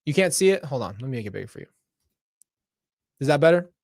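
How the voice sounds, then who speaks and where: A man live-streaming as he reads an interactive mystery story aloud, excitable, breaking off to laugh and react. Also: medium pitch, fast talker, gravelly, no echo, studio quality. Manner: excitable, laughing and reacting between read passages.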